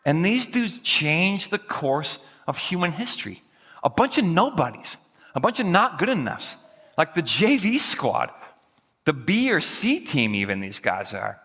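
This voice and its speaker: Casual, animated male pastor mid-sermon, slightly husky, in a reverberant church. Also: sits high. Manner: lively, casual storytelling, acting out quoted voices. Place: church sanctuary.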